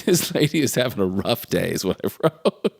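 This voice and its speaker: A man's voice: normal speed, gravelly, breathy edge, dry recording, studio quality. A man co-hosting a podcast, chatting casually as he recaps a film and acts out the characters' lines with laughter. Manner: animated, acts out quoted lines with big pitch jumps and laughs. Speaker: podcast co-host.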